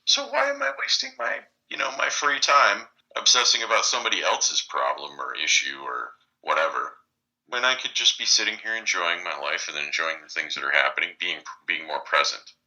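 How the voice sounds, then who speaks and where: A man in his forties with a very deep voice and a sharp, bright edge. He talks in a flat, steady monotone and stays level even when he describes a panic. It is relaxed podcast chat. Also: a little fast, rough recording. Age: 40s. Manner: monotone, even-keeled delivery. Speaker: podcast co-host, lawyer.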